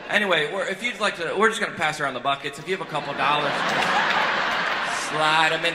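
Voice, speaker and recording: A man doing a stand-up comedy set on stage, rambling and self-deprecating, swinging from earnest confession to loud joking. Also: a little high, moderate pace, pauses often. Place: large theater on stage. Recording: echoey live hall recording with crowd noise.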